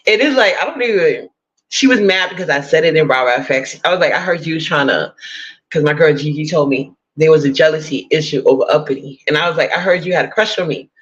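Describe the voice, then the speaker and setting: A woman's voice: sits low, highs cut off. A woman chatting casually to her viewers, blunt, profane and gossipy with laughing asides. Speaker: vlogger.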